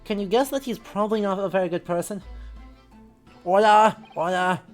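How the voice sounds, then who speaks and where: A woman's voice: mid-range voice, fast, a little mellow, faint music behind. A woman streaming a game with sarcastic, self-mocking casual commentary.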